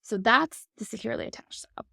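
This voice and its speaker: A woman's voice: fairly high pitch, fast talker, creaky, sharp tone, dry recording, studio quality. A woman in her thirties, a guest expert, explaining attachment styles in a fluent, upbeat conversational way.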